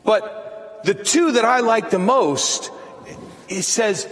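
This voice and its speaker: Man, priest, sermon, high voice, long church reverb. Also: animated. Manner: slow, emphatic preaching that rises to near-shouts.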